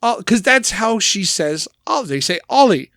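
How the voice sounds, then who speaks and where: A man's voice: high-pitched, very animated, a little slow, a bit bright, dry recording, clean studio sound. A man co-hosting a podcast, talking about films in a rambling, emphatic way with many restarts. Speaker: podcast co-host. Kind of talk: casual film discussion.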